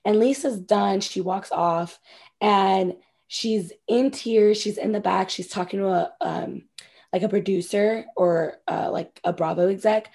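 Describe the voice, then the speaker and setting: A woman's voice: medium pitch, measured pace, vocal fry. A woman co-hosting a podcast, recapping a reality show in casual, profane, gossipy chat, acting out the cast members' lines. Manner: gossipy, profane, animated quoting. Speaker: podcast co-host.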